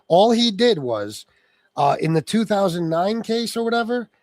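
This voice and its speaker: A man's voice: high-pitched, sing-song, normal speed, a little mellow, no room sound. A man hosting a political livestream, reading chat and ranting angrily with lots of swearing. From Sicilian heritage. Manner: angry, profane ranting at viewers.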